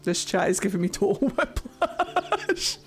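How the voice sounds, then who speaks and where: A woman's voice: medium pitch, big pitch swings, unhurried. A woman live-streaming a game, chatting with viewers in a crude, giggly way and laughing often. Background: game music.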